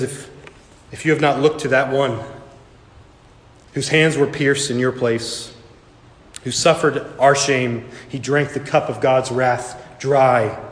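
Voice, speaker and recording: A man preaching a sermon and telling a story, earnest and slow, dropping soft for emphasis. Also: mid-range voice. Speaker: pastor. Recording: echoey hall reverb.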